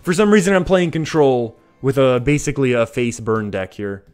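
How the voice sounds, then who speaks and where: A man's voice: medium pitch, normal speed, a little mellow, clean tone. Chatty Canadian man streaming a card game. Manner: chatty, laughs often, reads out chat. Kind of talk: live gameplay commentary. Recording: faint music behind.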